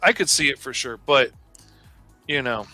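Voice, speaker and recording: A man's voice: medium pitch, lively intonation, normal speed, pushed and bright, no room sound, faint music behind. A middle-aged man, chatting easygoing on a livestream, full of "you know"s. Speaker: artist co-host. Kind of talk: casual chat on a livestream.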